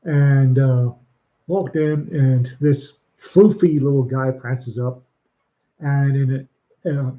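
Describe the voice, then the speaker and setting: A man's voice: mid-range voice, fairly even intonation, slow pace. An older man co-hosting a casual chat show, telling stories and putting on voices for the people he quotes. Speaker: podcast co-host. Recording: muffled lo-fi sound.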